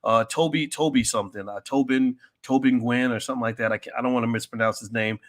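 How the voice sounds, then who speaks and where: A man hosting a commentary show, talking bluntly and directly to his audience, with many restarts and loud, high-pitched outbursts when worked up. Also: steady tone, quick pace. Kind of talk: opinionated commentary to an online audience.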